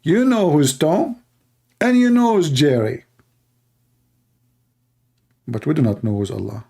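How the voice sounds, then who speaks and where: Male host, somewhat high and mellow voice, sarcastic running commentary, repetitive, non-standard grammar. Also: animated, unhurried, gravelly. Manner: sarcastic, repeats himself, broken English grammar. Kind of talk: mocking commentary on a video.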